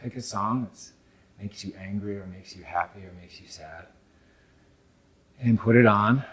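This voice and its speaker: A man's voice: lowish voice, a little slow, fairly bright tone. A young adult man from North America gives a reflective, conversational talk on men's work to a live audience, with many fillers and asides.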